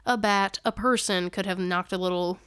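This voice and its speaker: A young woman co-hosting a paranormal podcast, her smooth voice recorded close and dry. She rambles through the story, backtracks to fix details, and laughs easily. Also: medium pitch, fairly even intonation, normal speed, a bit bright, no echo. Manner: rambling, self-correcting, laughs often. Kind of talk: casual storytelling chat.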